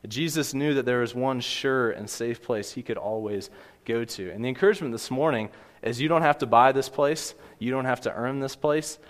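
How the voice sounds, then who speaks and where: A man's voice: medium pitch, moderate pace, long reverb tail. A man preaching a sermon in an earnest, conversational way, often restarting his sentences. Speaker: pastor.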